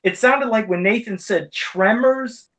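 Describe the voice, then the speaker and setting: A man's voice: high voice, unhurried, a bit bright. A man co-hosting a casual podcast, chatty and repeating himself as he over-explains a point. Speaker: podcast co-host. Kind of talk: casual chat.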